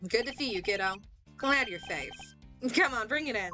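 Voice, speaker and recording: Woman doing a folksy, hearty male game detective, lowered voice, game music behind. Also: animated, normal speed, sharp tone. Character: gruff, friendly middle-aged male detective.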